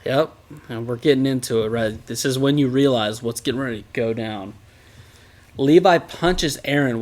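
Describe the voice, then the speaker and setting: A man's voice: medium pitch, a little mellow. A man co-hosting a casual podcast, recapping an episode with a teasing, sarcastic edge and jokey asides. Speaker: podcast co-host.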